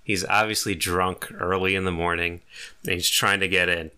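A man's voice: sits low, little pitch movement, normal speed, sharp tone, clean tone. A man narrating a tabletop game as game master, often laughing as he describes the scene.

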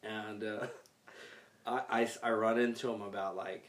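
A man hosting a podcast as a stand-up comedian, telling a story in casual, profane, animated chat. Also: lowish voice, unhurried. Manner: animated, profane, acts out quotes. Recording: roomy echo, mic set far off.

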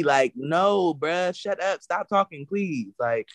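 Woman podcast host with a low voice and dry, close sound; blunt, animated, cusses a lot. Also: slow, no room sound. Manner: blunt, animated, swears freely. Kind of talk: casual explicit chat.

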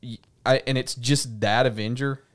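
Man, pastor, podcast guest, middle pitch, emphatic, laughs a lot, restarts sentences. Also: fairly even intonation, moderate pace. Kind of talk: casual podcast chat.

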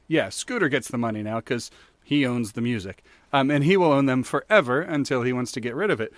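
A man's voice: medium pitch, lively intonation, brisk, dry recording. A man co-hosting a podcast, chatting casually and rambling through a story with many fillers. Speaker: podcast co-host. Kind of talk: casual chat.

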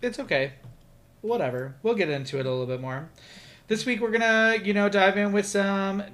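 A man's voice: high voice, moderate pace, a bit bright. A young man co-hosting a podcast, chatting casually in a sassy, profane, teasing way. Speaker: podcast co-host. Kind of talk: casual chat.

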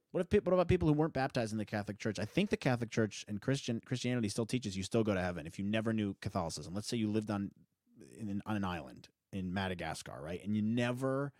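A man's voice: on the low side, darkish tone, no room sound, studio quality. A man hosting a solo podcast, rambling in a casual way, breaking off mid-sentence and laughing often. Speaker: podcast host.

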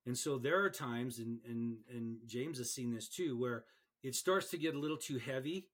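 A man who referees, chatting on a podcast and telling stories in an animated way, often repeating words as he goes. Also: mid-range voice, normal speed. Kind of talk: casual podcast chat.

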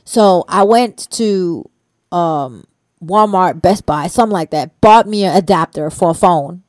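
A woman's voice: on the low side, a little slow, dry recording. A woman telling a personal story in casual conversation, rambling with many fillers and free swearing. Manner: slangy, hesitant.

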